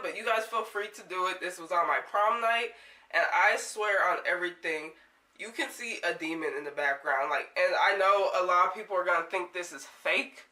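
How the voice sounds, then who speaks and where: Young woman vlogger, sharp bright tone, shaken rambly delivery, roomy distant sound. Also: lowish voice. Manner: rambling, filler-heavy, swearing, shaken. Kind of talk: storytelling vlog. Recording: echoey room, set back from mic.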